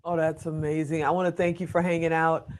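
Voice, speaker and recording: A man's voice: fairly high pitch, level tone, a little fast. An older man hosting an interview show, chatty, frank and enthusiastic. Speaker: host.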